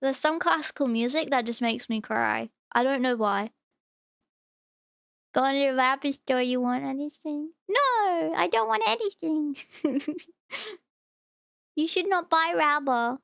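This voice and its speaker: A woman's voice: high-pitched, animated, measured pace, gravelly, fairly bright tone, dry recording, studio quality. A young woman streaming, chatting casually and gushing over cute animal videos. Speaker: VTuber streamer.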